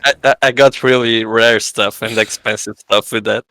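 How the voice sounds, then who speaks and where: A man with a Portuguese accent, a podcast guest telling a story in casual chat, halting with many fillers. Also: lowish voice, steady tone, bright, forceful tone, dry recording, rough recording. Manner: halting, many "uh" fillers, acts out quoted voices.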